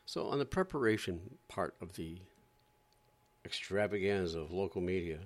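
A man's voice: sits low, animated, normal speed. A man from Florida doing a sarcastic, exasperated stand-up rant. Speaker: comedian.

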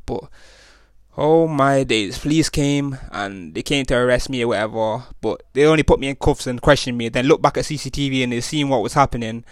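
A man's voice: medium pitch, brisk, no echo, studio quality. A young man, hosting a podcast and telling a rambling story in slang, full of restarts and tag questions. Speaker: podcast host. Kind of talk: casual storytelling monologue.

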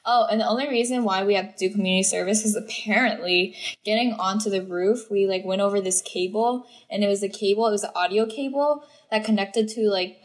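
A young woman co-hosting a casual podcast, telling a story with animated delivery and frequent laughter. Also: medium pitch, a little fast, few pauses. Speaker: podcast co-host.

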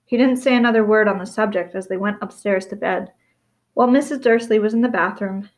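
A woman reading a novel aloud in steady storytelling, with small slips and restarts. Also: medium pitch. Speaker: reader.

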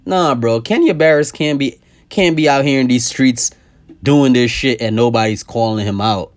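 A young man hosting a podcast, ranting casually and profanely, his voice swinging from loud outbursts to low asides. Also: normal speed. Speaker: podcast host. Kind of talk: casual comedic rant.

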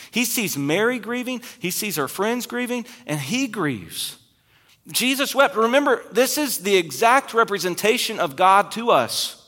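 A man preaching a sermon as pastor, retelling scripture with loud emphasis and quiet, dropped asides. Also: sits high, big-room sound.

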